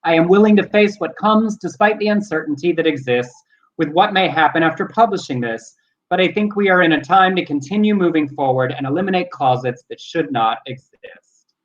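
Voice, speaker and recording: A man co-hosting a live show, briskly reading news items aloud. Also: on the high side, lively intonation, dull audio. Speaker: co-host.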